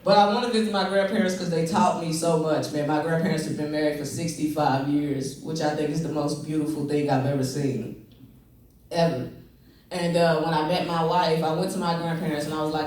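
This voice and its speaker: A man's voice: a little high, steady tone, fairly quick, darkish tone, a little hiss or hum. A male stand-up comedian doing loose, conversational stand-up in an empty comedy club, often laughing at his own jokes. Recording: very echoey empty club, mic far off.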